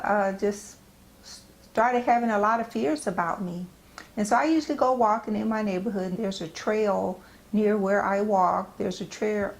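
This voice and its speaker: A middle-aged woman shares a devotional message in an earnest, gentle way. She often pauses and restarts her phrases. Her voice sits at a medium pitch. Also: gravelly. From United States. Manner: halting, repeats and restarts phrases. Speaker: Christian speaker. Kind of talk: personal devotional talk.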